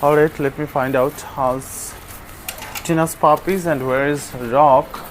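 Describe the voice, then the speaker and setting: A man narrating a casual vlog outdoors as he checks on stray dogs, talking to them softly and tenderly. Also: fairly high pitch, fairly even intonation, slow, a little hiss or hum. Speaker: vlogger caring for stray dogs. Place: outdoors, on a terrace.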